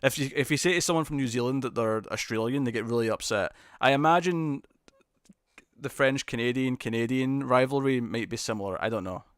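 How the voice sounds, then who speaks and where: A man's voice: medium pitch, a little fast, a bit bright, no room sound. A man from the UK hosts a live stream, reading out viewer comments in a loose, rambling style. He stammers, restarts his sentences and often chuckles. His voice sits mid-range and is recorded dry and close.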